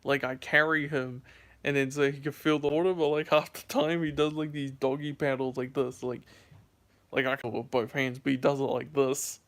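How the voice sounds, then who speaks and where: A man's voice: mid-range voice, little pitch movement, normal speed, fairly bright tone. A sleepy young man vlogging, telling a rambling story to his viewers with lots of fillers and restarts. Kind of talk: casual storytelling to camera.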